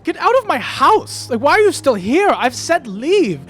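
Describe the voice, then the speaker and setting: A man voicing an exasperated lady of a grand house who yells at an unwanted guest. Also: high voice, big pitch swings, normal speed, soft background music, voice pushed up. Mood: furious. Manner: yelling, exasperated.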